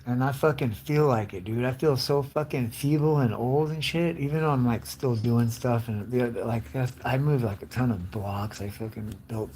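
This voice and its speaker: A man's voice: medium pitch, moderate pace, hardly any pauses. Guy about to hit fifty, swearing nonstop and rambling, bit of hiss behind him. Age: 40s. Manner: crude, rambling, mimics voices loudly. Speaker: live streamer. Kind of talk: casual profane rant.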